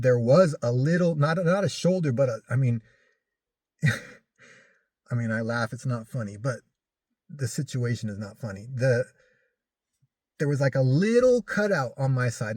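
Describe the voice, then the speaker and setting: A man casually recounting a personal story in halting speech, full of restarts and fillers. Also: medium pitch, darkish tone, dry recording, clean studio sound. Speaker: vlogger recounting a crash.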